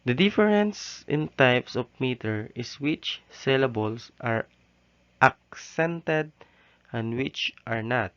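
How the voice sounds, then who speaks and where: Slow, halting male teacher. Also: mid-range voice, expressive, clean tone. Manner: slow, halting delivery with frequent "okay" and "so". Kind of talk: recorded class lesson. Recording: dull, lo-fi recording.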